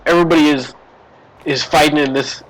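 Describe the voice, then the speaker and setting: A man's voice: fairly high pitch, steady tone, brisk, low-quality recording. A man streaming a game live, chatting and rambling through a story between moves. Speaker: gaming streamer. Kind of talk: live gameplay commentary.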